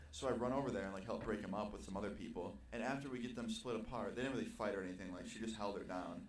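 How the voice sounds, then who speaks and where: A young man telling a personal party story in a casual, animated, profane storytime vlog. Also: on the low side, fast talker, hardly any pauses. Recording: roomy, distant video playback with faint noise.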